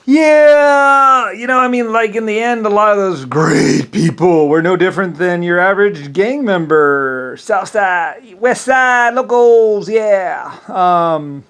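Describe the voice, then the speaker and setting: A man talks in a loose, rambling monologue, his voice sitting a little higher than most men's. He stops and starts, repeats words, fills the gaps with "um" and "like", and lets out small chuckles as he goes. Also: fairly bright tone, smooth. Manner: halting, repeats words, many fillers, chuckles often.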